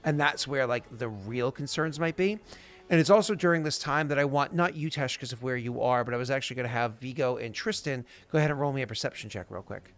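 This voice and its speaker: A man's voice: mid-range voice, quick pace, fairly bright tone, soft background music. Rambling male game master. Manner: rambling, many fillers and restarts, vivid sound effects. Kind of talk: narrating a tabletop game.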